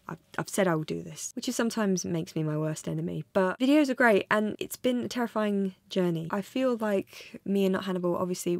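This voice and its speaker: A woman's voice: on the low side, gravelly, no room sound, studio quality. A woman in her twenties, talking alone in a room in a rambling, self-deprecating vlog monologue. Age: 20s. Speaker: vlogger.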